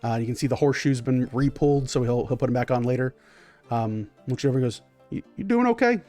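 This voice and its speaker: A man's voice: mid-range voice, flat delivery, fast talker, warm tone, soft background music. A man running a tabletop game as game master. He narrates in a vivid, loose way and uses plenty of fillers.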